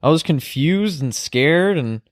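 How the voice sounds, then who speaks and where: A man's voice: on the high side, lively intonation, measured pace, no echo, clean studio sound. A young man co-hosting a podcast, telling a story in a laid-back way with lots of fillers and swearing. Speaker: podcast co-host. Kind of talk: casual chat.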